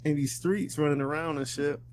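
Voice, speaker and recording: A man's voice: fairly high pitch, steady tone, brisk, slight background noise. A young man co-hosting a podcast, talking in a laid-back, hesitant, slangy way in casual chat. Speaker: podcast co-host.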